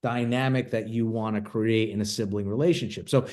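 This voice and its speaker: A man speaking as a financial advisor in a webinar discussion, hesitant and filling pauses with uh and you know. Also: on the low side, steady tone, darkish tone. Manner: hesitant, many filler words.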